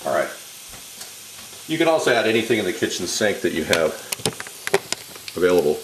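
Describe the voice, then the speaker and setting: Guy doing a cooking demo in his kitchen, chatty and jokey, frying pan sizzling loudly behind him. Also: deep voice, sing-song, moderate pace, noisy background. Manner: rambling, jokey, chatty asides. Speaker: home cooking host. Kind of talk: casual cooking demonstration. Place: home kitchen. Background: frying and sizzling, knife clicks.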